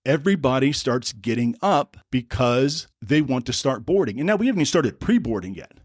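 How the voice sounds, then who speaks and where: A man's voice: mid-range voice, very animated, fairly quick, breathy edge, no room sound, studio quality. A man from the United States hosting a podcast, telling a travel story in a casual, rambling way with wry asides and self-corrections. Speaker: podcast host.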